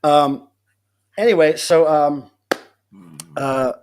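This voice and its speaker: A man hosting a livestream from home, telling a story in a casual, animated way, laughing often and acting out what people said. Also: a little high, very slow, slight background noise. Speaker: livestream host. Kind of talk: casual storytelling to a live chat.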